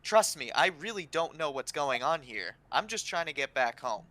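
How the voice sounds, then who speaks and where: A man's voice: a little high, big pitch swings, normal speed, sharp tone, no room sound. A man voicing an evasive human sailor who hesitates a lot and bristles when his ship is insulted. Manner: hesitant, full of ums, then prickly.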